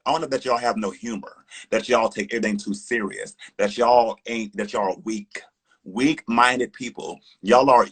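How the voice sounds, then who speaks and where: A man's voice: on the low side, a bit bright, slightly rough. A man, a drag performer, ranting defiantly on a live stream, sassy and heated, swearing often and calling listeners honey.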